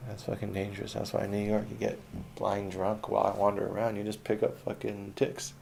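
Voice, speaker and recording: Young guy, gravelly dark voice, laid-back profane storyteller, faint noise in the background. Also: fairly low pitch, completely flat delivery, fairly quick. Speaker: autobiographical podcaster. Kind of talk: rambling personal storytelling.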